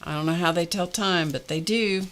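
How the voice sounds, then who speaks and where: A woman's voice: on the low side, normal speed, a little hiss or hum. Chatty woman crafting on a live stream. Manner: chatty and animated, laughs often. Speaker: art livestream host. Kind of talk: casual live-stream chat while crafting.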